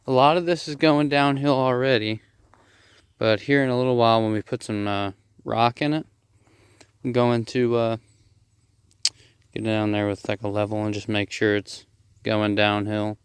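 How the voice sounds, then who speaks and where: Rough-spoken man narrating outdoor DIY work. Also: on the low side, fairly even intonation, moderate pace, no room sound. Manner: rough-spoken, swears freely, self-deprecating. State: out of breath at times. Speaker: DIY vlogger. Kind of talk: casual how-to narration while working outdoors. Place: outdoors at a digging site.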